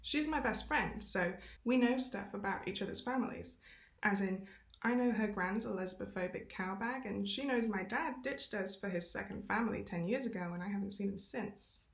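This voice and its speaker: A woman's voice: medium pitch, moderate pace, natural voice. A woman reading aloud, voicing an eager, gossipy teenage girl. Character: chatty teenage girl, best friend. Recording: roomy echo.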